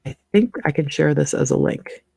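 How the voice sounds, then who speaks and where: A woman's voice: deep voice, moderate pace, vocal fry, dark tone, husky. A middle-aged woman hosting a casual livestream, chatty and rambling, laughing often between asides. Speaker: livestream host.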